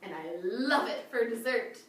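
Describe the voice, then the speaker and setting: A woman's voice: fairly high pitch, animated, normal speed, heavy reverb, recorded from a distance, close to an everyday voice. A woman voicing a dramatic, watermelon-loving male crocodile who panics and squeals. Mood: delighted. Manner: theatrical, exclaiming, squealing when alarmed.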